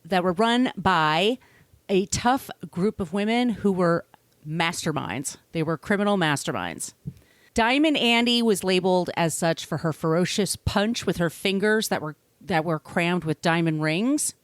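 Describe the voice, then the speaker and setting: A woman's voice: lowish voice, animated, unhurried, no room sound. A woman hosting a podcast, telling a true-crime story in a chatty, casual way, swearing freely and laughing often. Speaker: podcast host.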